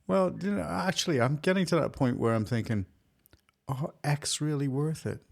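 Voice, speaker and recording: A man's voice: on the high side, moderate pace, vocal fry. A man from England co-hosting a casual live-streamed chat, joking and laughing often. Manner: jokey, laughs often, lively delivery. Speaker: podcast co-host.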